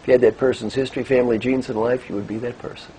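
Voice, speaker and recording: A man's voice: mid-range voice, racing, a little hiss or hum, low-quality recording. An older man giving a motivational talk as a coach, guiding listeners through breathing and telling stories. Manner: animated storytelling, gentle coaching. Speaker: executive coach. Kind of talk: motivational talk with guided exercise.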